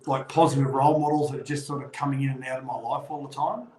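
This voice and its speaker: Recorded in low quality with reverb and a little hiss or hum, a middle-aged Australian former rugby league player spins yarns in a casual chat. He speaks quickly at medium pitch and animatedly performs the voices of those he quotes.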